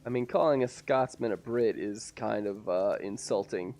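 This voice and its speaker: A man's voice: lowish voice, normal speed, a little mellow. An American man streaming a game, muttering to himself and chatting with viewers. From United States. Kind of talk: casual gameplay commentary.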